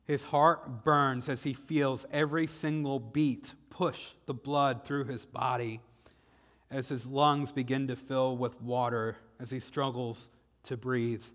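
A man with a Southern US accent preaching a sermon, retelling the story dramatically and slowing down for emphasis. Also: mid-range voice, fairly bright tone. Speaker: pastor. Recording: echoey hall with long reverb.

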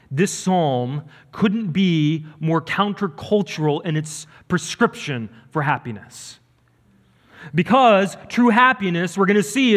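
A man's voice: high-pitched, a bit bright. A man preaching a sermon as pastor, earnest and emphatic, building and dropping his delivery. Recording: reverberant church hall.

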